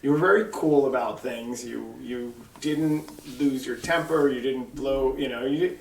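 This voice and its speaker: A middle-aged man telling family stories to his mother in a relaxed, wry way. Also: mid-range voice, measured pace, vocal fry, slight background noise. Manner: relaxed, wry storyteller who trails off and laughs. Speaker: son interviewing his mother. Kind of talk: casual family storytelling. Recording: roomy sound from far off the mic.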